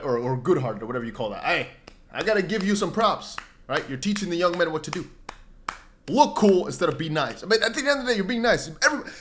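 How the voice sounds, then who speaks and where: Young male streamer, casual and rambling, with a lively up-and-down pitch. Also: slight background noise. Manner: animated, rambling, jumps into mock voices and exclamations. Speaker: crypto livestream host. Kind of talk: casual livestream chat, reading viewer comments.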